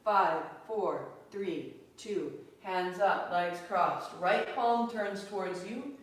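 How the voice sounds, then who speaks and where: A woman leads a yoga class, calmly calling out breaths and poses in an even rhythm. Her voice sits at a middle pitch and comes from well away from the mic. It rings in a very echoey room with a faint hum of room noise behind it. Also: slow pace, recorded from a distance. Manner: calm, rhythmic cueing of breath and movement. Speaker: yoga teacher. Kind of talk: guided yoga class instruction.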